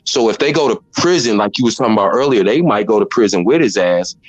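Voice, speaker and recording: Deep-voiced blunt man hosting commentary. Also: expressive, fast, low-quality recording. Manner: blunt, rambling, explains at length. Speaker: commentary host. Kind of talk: casual commentary chat.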